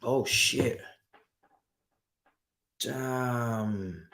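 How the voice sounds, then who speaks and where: A man's voice: mid-range voice, very slow, vocal fry, sharp tone. A man hosting a live stream, chatting casually and reacting to football with slang. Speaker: streamer host. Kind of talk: casual live match commentary. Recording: echoey room.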